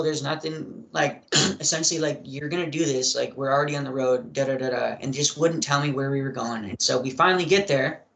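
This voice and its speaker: A young man, a podcast guest, telling a personal story in a rambling way, with many fillers and frequent throat clearing. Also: mid-range voice, fairly bright tone. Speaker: interview guest. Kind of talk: casual storytelling in an interview. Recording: echoey room.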